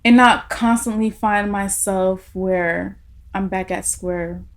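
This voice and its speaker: A woman's voice: mid-range voice, steady tone, takes it slowly. Emotional young woman telling a story. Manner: emotional storytelling, laughing through tears. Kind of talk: casual podcast conversation.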